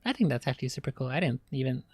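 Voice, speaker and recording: A woman's voice: a bass voice, expressive, very fast, a little mellow, breathy edge, no echo. A woman streamer chatting casually, rambling and giggly, while reacting on a close desk mic.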